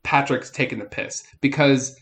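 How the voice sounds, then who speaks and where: A man's voice: mid-range voice, fairly even intonation, moderate pace, a bit bright. A man co-hosting a casual podcast discussion, hesitant and full of fillers, with an amused edge. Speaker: podcast co-host.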